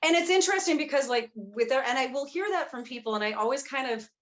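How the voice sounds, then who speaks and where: A woman from the United States with a neutral accent and a smooth, silky voice, talking earnestly and reflectively as a voice-actor guest in a casual interview. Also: sits high, lively intonation, fast, fairly bright tone.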